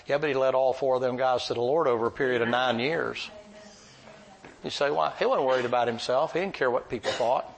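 A man's voice: medium pitch, brisk, rough recording. A man preaching a sermon, telling folksy, rambling stories in plain country talk. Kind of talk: storytelling sermon.

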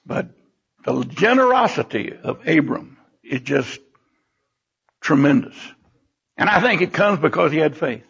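An older man preaching a sermon in a church. He tells personal stories and bursts into animated exclamations. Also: fairly high pitch, measured pace, vocal fry, long pauses, husky. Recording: dull lo-fi recording.

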